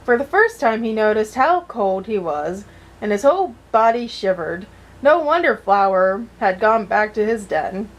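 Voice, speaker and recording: A woman's voice: mid-range voice, sing-song, measured pace. A woman vlogger reading a children's storybook aloud and breaking off into chatty, joking asides.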